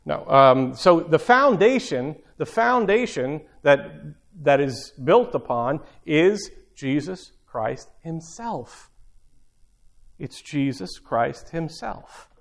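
A man's voice: fairly high pitch, very animated, slow, gravelly. A middle-aged man preaching an informal sermon, talking conversationally and repeating phrases for emphasis.

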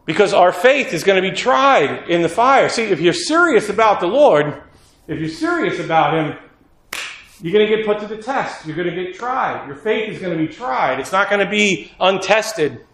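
A man's voice: high voice, sing-song, normal speed, fairly bright tone. Earnest male preacher in an echoey hall. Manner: earnest, conversational, acts out quotes. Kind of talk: sermon. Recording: echoey room.

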